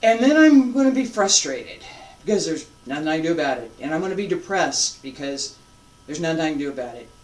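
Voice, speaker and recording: Calm qigong teacher talking people through breathing, mid pitch, recorded far off in an echoey room. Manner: calm, unhurried cues with conversational asides. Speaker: qigong instructor. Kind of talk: guided breathing lesson with reflective talk. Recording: roomy and distant from the mic.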